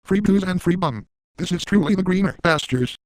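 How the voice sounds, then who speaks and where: A man voicing a brash, crude man leading a group of animals, speaking in a flat, deadpan way. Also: high voice, brisk, slight background noise, lightly acted, poor audio. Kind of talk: crude parody fan dub.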